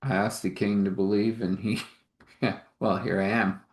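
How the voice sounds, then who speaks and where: A man telling an improvised story in a rambling, halting way, acting out the dialogue in shifting voices. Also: on the low side, little pitch movement, reverberant.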